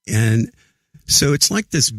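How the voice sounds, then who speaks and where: A middle-aged man tells his story as a guest in a casual interview. He talks earnestly and haltingly, stumbling over and repeating his words. His pitch is ordinary, and the sound is close and completely dry with no room echo. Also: big pitch swings, fairly bright tone. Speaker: podcast guest.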